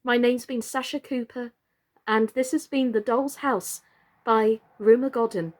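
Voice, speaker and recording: A woman reading a children's book aloud as a storyteller, slow, gentle and expressive. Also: a little high.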